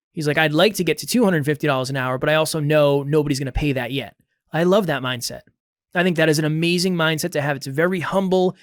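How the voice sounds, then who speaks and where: A man's voice: on the high side, no room sound, clean studio sound. A man hosting a podcast, giving direct, motivational advice in a casual coaching talk with lots of repetition.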